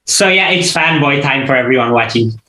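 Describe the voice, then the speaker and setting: A man's voice: medium pitch, lively intonation, normal speed, pushed and bright, reverberant, poor audio. A man co-hosting a music reaction show, tossing in teasing wisecracks in casual chat.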